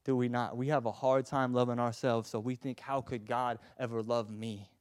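A man preaching a sermon with passion, moving between hushed tender passages and loud emphatic ones, often stammering and repeating words as he presses his points. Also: medium pitch, little pitch movement, normal speed, dry recording.

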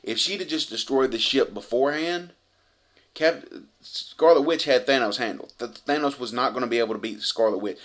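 A man excitedly retelling a superhero movie scene by scene, cursing freely and rambling. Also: medium pitch, moderate pace. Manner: profane, effusive, rambling retelling. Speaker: movie reviewer.

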